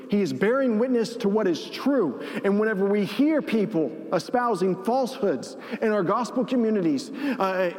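A man preaching a sermon as pastor, animated, acting out the lines he quotes. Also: high-pitched. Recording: long reverb of a large hall.

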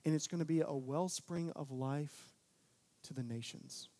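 A young man preaching a sermon, talking casually, then building to loud, emphatic peaks. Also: on the high side, unhurried. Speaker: pastor.

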